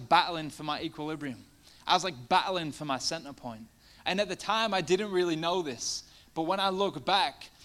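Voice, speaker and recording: A man's voice: on the high side, sharp tone. A man preaching a sermon in a conversational way, full of fillers, building to passionate emphasis.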